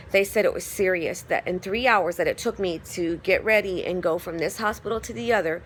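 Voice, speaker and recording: A woman's voice: lowish voice, a little hiss or hum. A woman giving a casual phone vlog update, telling her story in a rambling way with lots of fillers. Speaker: vlogger.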